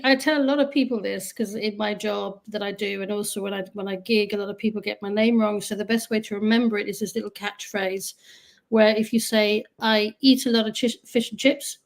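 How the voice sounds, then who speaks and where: Woman, guest singer, gravelly voice, rambling chatty talk. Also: mid-range voice, level tone, fairly quick. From United Kingdom. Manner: chatty, rambling, warm asides. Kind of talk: casual interview chat.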